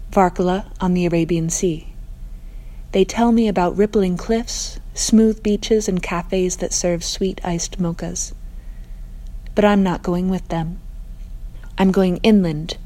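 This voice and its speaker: A woman narrating a first-person story in a calm, measured reading voice. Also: lowish voice.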